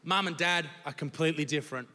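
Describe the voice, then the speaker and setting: A man performing a crude, animated stand-up set on a theatre stage. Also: on the high side, fast talker, slight background noise. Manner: crude, animated storytelling with crowd laughter. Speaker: stand-up comedian. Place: large old theatre on stage. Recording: long theatre reverb from stage.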